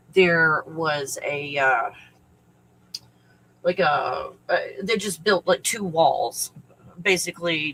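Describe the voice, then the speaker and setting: A man's voice: on the high side, pushed and bright, slight background noise, rough recording. A man talking straight to his audience in a rambling personal monologue, full of fillers and restarts. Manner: rambling with fillers, breaking into tearful laughter. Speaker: video host recounting memories.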